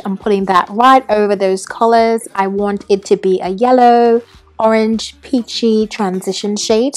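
A woman's voice: medium pitch, a little mellow. A young woman narrating a makeup tutorial voiceover in a put-on British accent, chatty with some ums and self-corrections.

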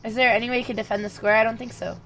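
She speaks very fast in a slightly high voice over faint background noise, a young woman playing chess online on stream. Muttering her calculations, she periodically breaks away to chat animatedly with viewers.

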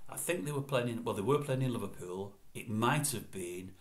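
A man rambles through old memories and keeps correcting himself as he talks. His voice sits a little low. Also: animated, moderate pace. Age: 60s. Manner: chatty, meandering, self-correcting. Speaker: vlogger. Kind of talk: rambling reminiscence.

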